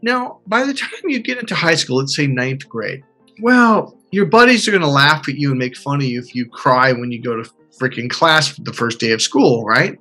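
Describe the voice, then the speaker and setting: A man coaching a client in conversation, animated and acting out panicked inner voices. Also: medium pitch, normal speed, faint music behind.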